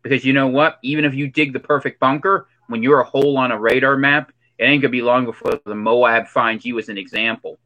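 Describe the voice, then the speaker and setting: Speaking fairly quickly with few pauses, a man keeps a steady, medium-pitched tone that comes across pushed and bright in his natural voice, though the highs are cut off. He's performing a comedic monologue as a preachy conspiracy theorist in hoodie and sunglasses, all ominous rhetorical questions and affected accent.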